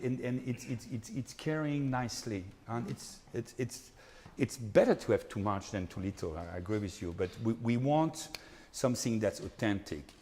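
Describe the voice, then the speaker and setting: Earnest conductor coaching singers in a hall. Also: male voice, fairly low pitch, a little mellow. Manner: earnest, repetitive coaching with frequent tag questions. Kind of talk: master class coaching. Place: concert hall. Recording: hall reverb with faint background noise.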